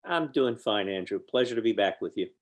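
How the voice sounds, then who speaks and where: A man's voice: fairly low pitch, lively intonation, fairly quick. An older American man, a guest on an interview, telling anecdotes with dry humor. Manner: wry, storytelling, dry humor.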